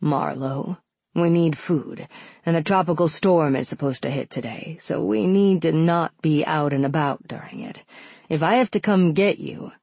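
A woman voicing a playful, commanding grown man in an audiobook, husky and teasing. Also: low-pitched, normal speed, a little mellow, no echo, exaggerated voice. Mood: teasing, urgent. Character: playful commanding adult male lover.

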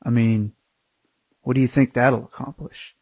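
A stingy, stubborn young traveler, as a man reads him in a storybook narration, brushing off complaints in a matter-of-fact tone. The voice is a little husky and dry, close to the narrator's own. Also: medium pitch, steady tone, measured pace, a little mellow, no room sound. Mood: dismissive.

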